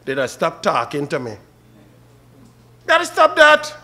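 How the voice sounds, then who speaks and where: A man's voice: fairly high pitch, wildly swooping pitch, unhurried, bright, forceful tone. A man with a Trinidadian accent preaching a funeral sermon and calling out to the mourners by name. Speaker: officiating minister at a funeral.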